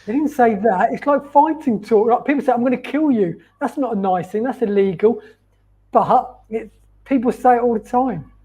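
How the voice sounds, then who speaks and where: A man speaks with a slightly husky voice. He gives blunt, sarcastic opinions in a loose podcast chat. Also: very high voice, normal speed, a little mellow, poor audio. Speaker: podcast co-host.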